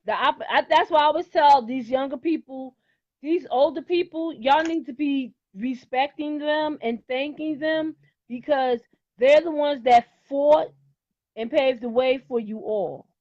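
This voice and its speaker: A woman's voice: sits high, unhurried, dry recording, muffled recording. A middle-aged woman in casual chat, talking in a blunt, outspoken and emphatic way.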